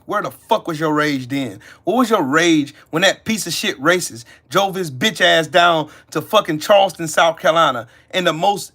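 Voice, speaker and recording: Furious cursing man, sharp forceful voice. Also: fairly high pitch. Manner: heated, cursing, accusatory, repeating lines. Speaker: channel host. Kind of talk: angry profane rant to camera.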